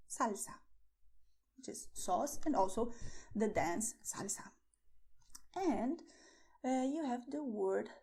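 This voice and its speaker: A woman teaching beginners to pronounce words, repeating each one slowly and carefully. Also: a little high, animated, a little mellow, slightly rough. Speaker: Spanish teacher. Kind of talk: slow pronunciation lesson for beginners.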